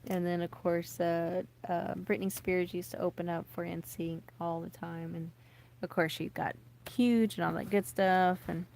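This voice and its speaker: Woman in her thirties, casual vlog chat, slow unhurried delivery, nervous and rambling, faint background hiss. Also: on the low side, vocal fry. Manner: chatty and excitable, trails off with fillers and restarts. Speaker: vlogger.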